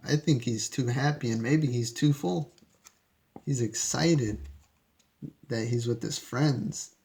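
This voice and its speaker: Male storyteller for a kids' read-aloud, very slow, gravelly, chatty with listeners. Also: mid-range voice, darkish tone. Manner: chatty, asks young listeners questions.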